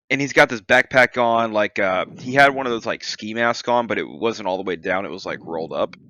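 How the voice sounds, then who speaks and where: A man's voice: fairly low pitch, sharp tone, no room sound. A man co-hosting a podcast, telling a story animatedly, swearing and laughing a lot. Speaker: podcast co-host. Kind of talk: casual chat.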